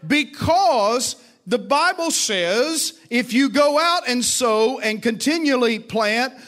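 High-voiced man preaching emphatically. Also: lively intonation, takes it slowly, fairly bright tone. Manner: emphatic, repeats lines, calls for congregation responses. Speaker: pastor. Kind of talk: sermon. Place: church service with congregation.

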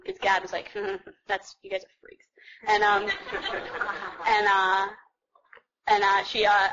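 A woman's voice: medium pitch, noisy background. Chatty self-mocking woman, lo-fi. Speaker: speaker sharing her story at a recovery meeting. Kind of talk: personal testimony to a group.

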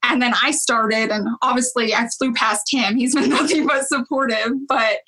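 A woman's voice: fairly high pitch, fairly even intonation, moderate pace, pushed and bright, rough recording. A woman with a Southern US accent, a cleaning video creator chatting earnestly in an interview and laughing often. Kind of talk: casual interview chat.

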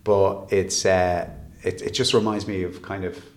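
In a roomy, echoing recording, an Irish man on as a guest rambles through casual stories, often cutting himself off to start over. His deep voice is delivered flatly and without hurry.

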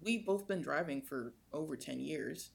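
A young woman co-hosting a podcast, telling a story in casual chat with animated swings in pitch. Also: moderate pace, creaky, a crowd in the background. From United States. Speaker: podcast co-host.

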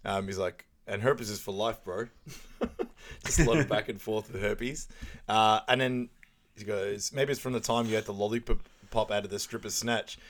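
A man's voice: lowish voice, steady tone, moderate pace. A man co-hosting a film recap podcast, retelling scenes with quoted lines and laughing often. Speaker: podcast co-host. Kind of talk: casual film recap chat.

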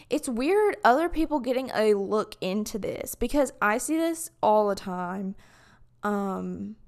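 A woman's voice: mid-range voice, darkish tone, clean tone. A young woman from Alabama with a Southern US accent, talking casually to camera in a rambling way full of fillers. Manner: rambling, many "like" fillers and restarts. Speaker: vlogger.

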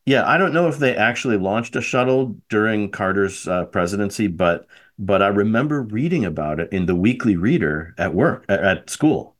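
Low-voiced man in casual chat. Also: expressive, moderate pace. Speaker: podcast host.

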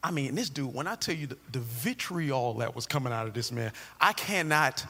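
A man's voice: medium pitch, moderate pace. A man preaching a sermon as a comic story, bantering with the audience and adding lots of asides. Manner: animated, joking, full of asides to the audience. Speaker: pastor. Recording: long hall reverb.

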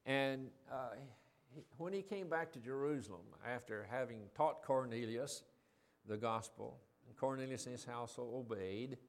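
A man's voice: medium pitch, moderate pace. A man giving a sermon, reading scripture and explaining it in a conversational way, asking the listeners questions and raising his voice for quoted lines. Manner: conversational, asks the audience questions; reads scripture quotes in a raised voice. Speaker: preacher.

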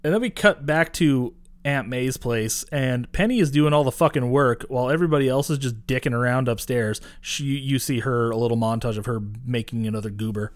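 A man's voice: mid-range voice, a little fast, few pauses, no room sound. Profane man recapping a movie. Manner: profane, animated retelling with quoted voices. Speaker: podcast co-host. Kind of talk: casual movie recap chat.

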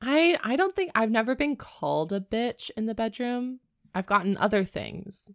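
A woman's voice: fairly high pitch, lively intonation, moderate pace, no echo, studio quality. A woman co-hosting a comedy podcast, reading a romance novel aloud and breaking off for bawdy, joking asides. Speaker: podcast co-host and reader.

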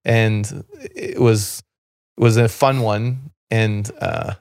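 A man from Canada with a lowish, gravelly voice rambles through a long story on a podcast. His talk is loose and full of fillers and restarts. The recording is close and dry, with no room sound. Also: steady tone, slow pace, a little mellow, dry recording. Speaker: podcast guest, former basketball player. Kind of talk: casual storytelling conversation.

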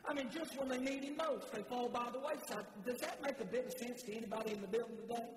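A man's voice: very high-pitched, fast, soft background music. A man preaching a sermon in a church, fervent and repetitive, often stammering and restarting his words. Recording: echoey hall with faint noise.

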